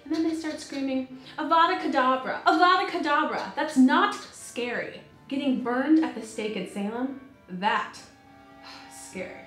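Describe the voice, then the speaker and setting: A woman's voice: high voice, a little slow, a bit bright, echoey room, soft background music. A woman playing a sarcastic, grumpy witch. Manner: sarcastic, snappy.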